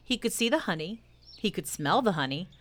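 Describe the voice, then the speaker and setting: A woman reading a children's story aloud in a soft, gentle storytelling voice, addressing the listener. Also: on the low side, lively intonation, fairly quick.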